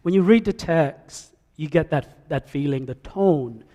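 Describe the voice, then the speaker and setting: A male preacher with a high voice delivers a sermon, swinging between loud calls and quiet asides. His voice carries with a long echo through the church. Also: unhurried. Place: church sanctuary. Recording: echoey church hall.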